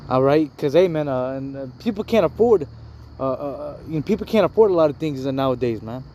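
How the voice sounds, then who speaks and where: A man preaches informally, reading scripture aloud and riffing on it in loose, repetitive street talk. His voice sits a little high. Faint outdoor traffic hums behind him. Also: animated, brisk, warm tone. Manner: casual, repeats "man" and "all right" constantly.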